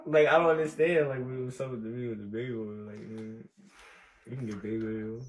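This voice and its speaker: A man's voice: mid-range voice, steady tone, brisk, reverberant. Jersey man, stoned guest, mumbly and laid-back. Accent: New Jersey. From New Jersey. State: high. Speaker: livestream guest. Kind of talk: casual livestream chat.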